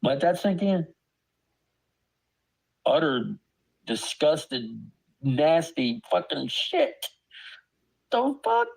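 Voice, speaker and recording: A streamer and adult father rants angrily about online drama, swearing hard and stammering in disbelief. His fairly high voice is very animated, with drawn-out words, vocal fry, long pauses and a breathy edge, all on a low-quality recording.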